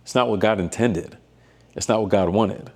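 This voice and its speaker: A man, a doctoral student and missionary, giving a reflective faith talk in a thoughtful, measured way with frequent fillers and restarts. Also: fairly low pitch.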